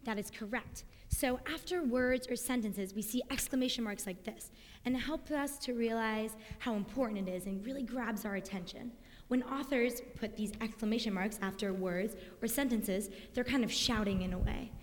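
A young woman giving a lively children's sermon in a church sanctuary, speaking with enthusiasm to kids. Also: on the high side, normal speed. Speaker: student speaker leading children's moment. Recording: long church reverb.

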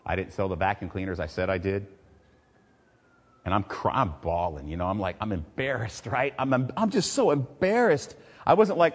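A middle-aged male pastor preaching a sermon, swinging from loud, emphatic preaching to quiet, personal storytelling. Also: mid-range voice, expressive, moderate pace. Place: church sanctuary. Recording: long reverb of a large hall.

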